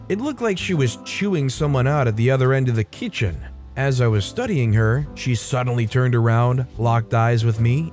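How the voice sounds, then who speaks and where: A man's voice: mid-range voice, a little mellow. Wry male storytime narrator. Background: faint background music.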